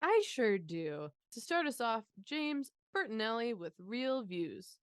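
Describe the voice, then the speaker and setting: A woman's voice: on the high side, sing-song, slow, clear, resonant tone, no room sound, studio quality. A woman co-hosting a movie podcast in casual chat, blunt and casually profane. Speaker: podcast co-host.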